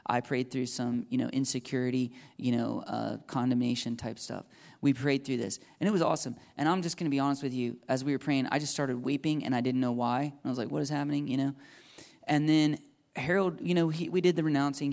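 A young adult man preaching, telling a personal story in an animated way and jumping into high, excited voices when he quotes his own thoughts. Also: fairly quick, creaky. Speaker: pastor. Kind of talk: sermon testimony.

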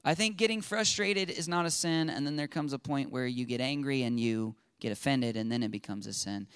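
A man preaching a sermon in an animated way, acting out quotes and swinging from loud to hushed. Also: mid-range voice, brisk, clear, resonant tone, no echo, clean studio sound. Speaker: pastor.

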